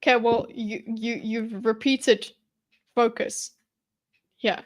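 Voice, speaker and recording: A woman's voice: fairly high pitch, flat delivery. Chatty woman thinking aloud. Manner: rambling, self-interrupting, chatty with viewers, quick laughs. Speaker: live streamer. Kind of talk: thinking aloud while mind-mapping on a live stream.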